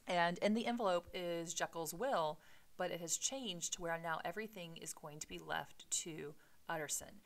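A woman's voice: fairly low pitch, a bit bright. A woman teacher reading a classic novel aloud and stopping to explain it, casual and explanatory with frequent "um" and "right?".

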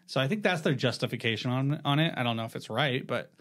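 A man's voice: medium pitch, lively intonation, fast talker, fairly bright tone. A man hosting a podcast, laid back and chatty, in casual conversation with friends. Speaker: podcast host. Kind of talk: casual chat.

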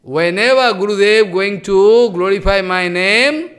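Fervent high-voiced preacher. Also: male voice, measured pace, a bit bright. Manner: fervent, repeats phrases for emphasis; broken, simplified English grammar. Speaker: spiritual teacher. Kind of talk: devotional sermon.

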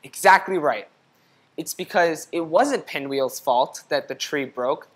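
Woman reader for a kids' story, low voice, lively, asks the child questions. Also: unhurried, slightly rough. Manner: lively, questions the young listener. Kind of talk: reading a picture book aloud.

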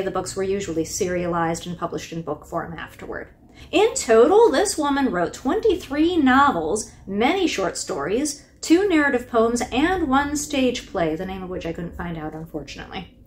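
A woman's voice: medium pitch, slight background noise. A woman hosting a casual book review, chatty and wry, with laughing asides.

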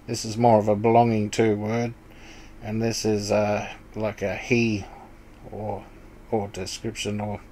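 A man with a lowish voice talks through scripture in a loose, conversational way. He stops and restarts often, filling gaps with ums as he points things out on screen. It sounds like an informal home-made study video. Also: warm tone, slight background noise, poor audio. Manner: hesitant, with many ums and restarts; plain, conversational explaining. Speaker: Bible study video maker. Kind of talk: casual talk over a screen share.

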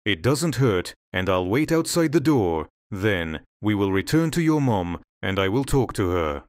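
A man voicing a calm, kind doctor who reassures a frightened child. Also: fairly low pitch, a little slow, no room sound, pitched below the performer's own voice.

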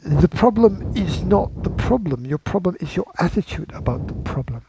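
A man's voice: sits high, lively intonation, normal speed, vocal fry, lo-fi sound, noisy background. A man putting on a South London accent to play a blunt man lecturing about attitude, in an exaggerated mock accent.

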